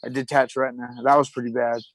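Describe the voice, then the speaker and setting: A man's voice: mid-range voice, flat delivery, fast, low-quality recording. A man in his thirties, a podcast guest, telling stories in a loose, rambling way full of fillers and restarts. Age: 30s. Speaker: podcast guest, retired pro fighter. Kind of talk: casual chat.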